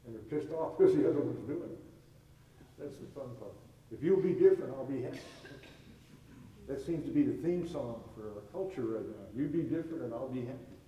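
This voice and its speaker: Before a gathering in a hall with a live audience, a man delivers a spiritual talk as folksy storytelling, acting out quoted voices. His mid-range voice is dark in tone and a little fast. The recording is echoey and distant, with a little hiss or hum.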